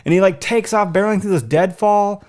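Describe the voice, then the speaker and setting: Animated man telling a hunting story. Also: high voice, a little fast. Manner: animated, swears a lot, acts out the voices in his story. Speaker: guest hunter telling his story. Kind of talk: excited storytelling on a live podcast.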